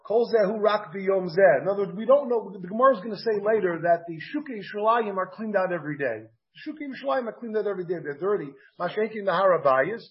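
This Talmud teacher speaks American English with Yiddish-Hebrew pronunciation, his voice sitting high and expressive, quick with few pauses. He reasons aloud and quizzes his students, captured in a muffled, dull recording of the class.

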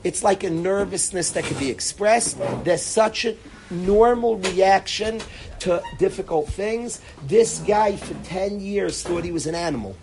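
A man's voice: high voice, measured pace, over music. A man, a rabbi, giving an informal lecture to a class of students, talking emphatically, repeating words and restarting as he turns to address them directly.

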